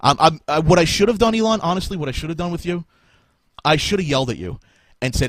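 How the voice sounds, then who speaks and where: A man's voice: fairly high pitch, animated, fast talker, no room sound. A man hosting a live podcast, ranting angrily and sarcastically with a lot of swearing and bursts of laughter. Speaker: podcast host. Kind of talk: profane rant on a live podcast.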